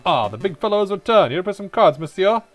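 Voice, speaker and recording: A man's voice: high-pitched, sing-song, quick pace, soft background music, pitched above the performer's own voice. A man voicing a smug, mocking card dealer in a game.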